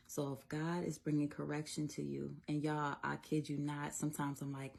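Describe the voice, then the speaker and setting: A woman with a low, gravelly, slightly husky voice speaks casually about faith like a reassuring mother. Her tone is mellow and earnest, and she laughs easily between thoughts. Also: flat delivery, normal speed. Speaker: faith content creator. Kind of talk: casual devotional encouragement.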